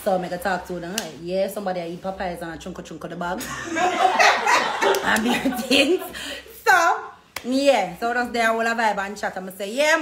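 Woman, Jamaican accent, animated patois storytelling, livestream chat, bright tone, echoey room. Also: mid-range voice. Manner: animated storytelling in patois, acting out quoted voices. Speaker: social media personality. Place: hair salon, indoors. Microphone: phone. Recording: echoey room with faint background noise.

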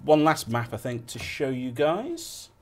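A British man hosting a live gaming show, upbeat and laughing, rushing through his explanations. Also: mid-range voice, very animated. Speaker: host. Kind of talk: live-stream hosting chat. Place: studio.

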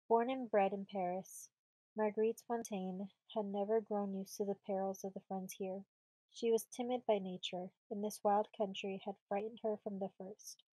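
A woman reading a storybook audiobook aloud in a measured, steady way, close to the mic. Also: medium pitch, no echo, low-quality recording. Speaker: audiobook reader.

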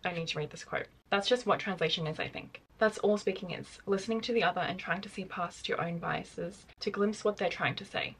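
Woman book vlogger, relaxed chatty delivery, lower register, enthusiastic. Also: low-quality recording. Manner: gushing, enthusiastic, frequent "like". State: tired. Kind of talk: casual vlog chat.

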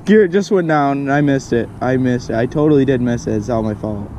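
A young man filming himself ice fishing outdoors on a frozen pond, excitable and repeating his exclamations. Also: mid-range voice, a little fast, slight background noise.

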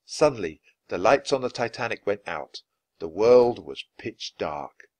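A man reading a children's book aloud, with expressive, lively narration. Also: fairly low pitch, measured pace, dry recording. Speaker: storyteller.

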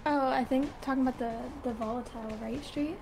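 A woman co-streaming a game, making unhurried reactions in casual chat. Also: high voice, steady tone, background noise.

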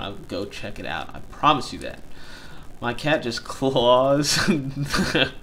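A young man casually chatting on a live stream from home, chatty and excitable. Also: fairly low pitch, slight background noise. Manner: chatty and excitable, laughs easily. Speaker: card-collecting streamer. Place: home room.

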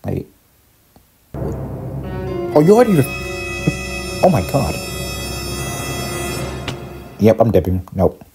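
Panicky low-voiced young gamer guy. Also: drawn-out words, pauses often, over music. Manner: excitable, panicky, talks to viewers. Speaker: gaming YouTuber. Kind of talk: casual Minecraft let's play commentary.

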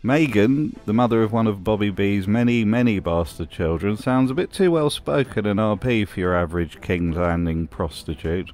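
A man's voice: lowish voice, moderate pace, hardly any pauses, darkish tone. A man from Britain reading scripted commentary, with wry and mocking asides. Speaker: video essay host.

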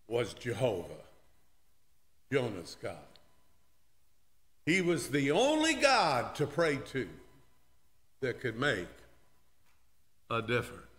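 A man's voice: mid-range voice, bright, forceful tone. A male pastor preaching a sermon in a church worship service, telling the story dramatically and speaking directly to the congregation.

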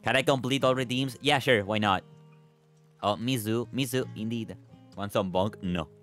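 A man's voice: lowish voice, normal speed, a bit bright, soft background music. A young man streaming, chatting casually with viewers, thanking them, giggling and swearing now and then.

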